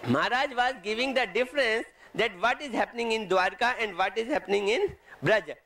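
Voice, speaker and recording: A man, translating a devotional talk into as he retells a sacred story, often halting and rephrasing mid-sentence. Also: high-pitched, sharp tone, low-quality recording.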